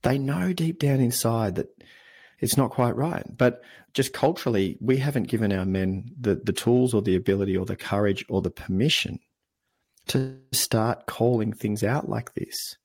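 An Australian man speaking as a podcast guest, telling stories in an earnest, animated way. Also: mid-range voice, moderate pace, creaky, breathy edge. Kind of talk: conversational interview.

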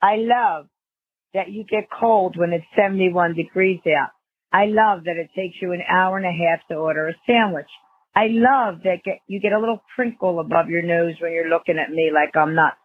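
A man's voice: high voice, moderate pace, slightly rough, no room sound. An actor playing an earnest young man tenderly confessing his love, in a scene from a film played back in a podcast. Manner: heartfelt, tender, steady build. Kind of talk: film dialogue. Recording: phone-quality film clip.

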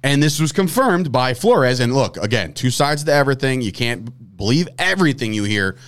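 A man's voice: mid-range voice, very animated, brisk, fairly bright tone. A man co-hosting a sports podcast, talking casually and animatedly, swearing and restarting words as he goes. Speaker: podcast co-host.

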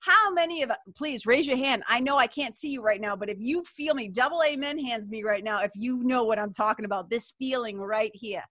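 A woman hosting a faith talk, animated and slangy, reading passages aloud and commenting on them. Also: a little high, a little fast, few pauses, no room sound, studio quality. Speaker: faith podcast host.

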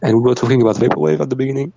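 A young man with a French accent, a musician guest in a casual interview, talking haltingly with many restarts and easy laughs. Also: medium pitch, background noise. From France. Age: young adult.

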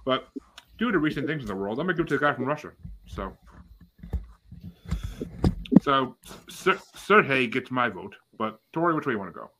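A man's voice: mid-range voice, big pitch swings, moderate pace, long pauses, noisy background. A man hosting a casual group podcast, reading out facts and asking each co-host for a vote. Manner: reads out facts, then polls each co-host.

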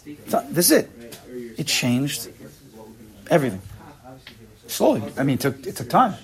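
A man's voice: fairly high pitch, moderate pace. Guy giving a casual torah class, voice jumps up and down a lot, acts out little back-and-forths. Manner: animated, acts out little dialogues, frequent repeats.

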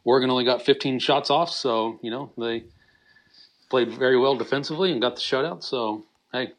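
A man co-hosting a podcast in relaxed, easygoing chat. He tells stories at an ordinary pitch, with a livelier push whenever he retells a shout. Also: brisk. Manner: storytelling, animated when retelling yelling. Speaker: podcast co-host. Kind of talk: casual chat.

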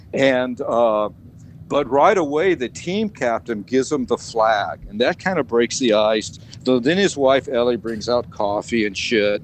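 A man, a dog sport trainer guesting on a podcast, tells stories in a loose, animated way. He swears freely and often trips over and repeats his words. His voice sits at an ordinary pitch, with faint background noise. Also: rough recording. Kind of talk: casual storytelling.

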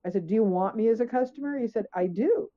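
A woman's voice: on the high side, animated, fast talker. A woman guest author in conversational storytelling, emphatic, acting out her own questions. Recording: tinny phone-like line.

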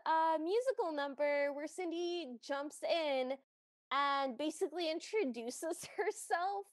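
A woman's voice: high voice, slow pace, no room sound, studio quality. A woman co-hosting a podcast, chatting casually and reacting with wry asides. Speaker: podcast co-host. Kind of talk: casual chat.

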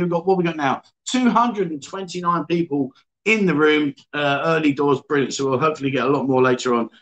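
A man hosts a casual livestream from an indoor venue. His voice sits slightly higher than most men's. He rambles through viewer greetings with frequent fillers and restarts. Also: a little fast, a bit bright, rough recording. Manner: chatty, reads viewer comments aloud with frequent fillers. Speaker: livestream host.

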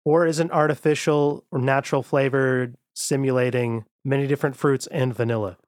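A man co-hosting a comedic podcast chats casually, going through song lyrics and half-singing them between laughs. His medium-pitched voice has a darkish tone, fairly even intonation and normal speed, captured in a clean studio with no room sound.

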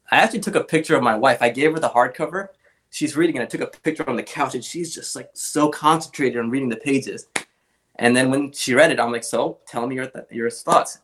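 A young adult man, a guest on an interview show, telling casual stories about collecting comic art and acting out the voices of people he quotes. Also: mid-range voice. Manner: animated anecdotes, acts out quoted voices.

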